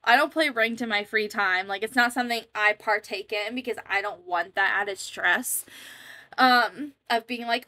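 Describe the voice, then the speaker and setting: Young woman gamer chatting over her gameplay, bright voice, rambly, dry close sound. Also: on the high side, normal speed, no echo. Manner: rambling, chatty, self-deprecating, many fillers. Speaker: gaming YouTuber. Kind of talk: casual commentary over gameplay.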